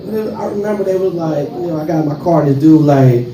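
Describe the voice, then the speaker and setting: Stand-up comic, male, St. Louis accent, high and lively delivery, heard from afar in a noisy club. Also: drawn-out words, pauses often. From St. Louis, USA. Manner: animated, swings loud and soft, acts out characters. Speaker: stand-up comedian. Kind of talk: stand-up comedy set. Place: comedy club stage with audience. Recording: roomy club sound from a distance, audience noise.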